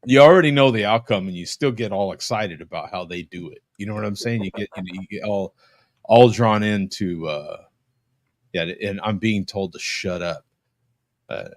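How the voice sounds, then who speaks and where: A man hosting a casual live-stream chat over a video call from his home, rambling with lots of halting restarts. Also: deep voice, no echo, studio quality. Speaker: podcast host. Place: home room.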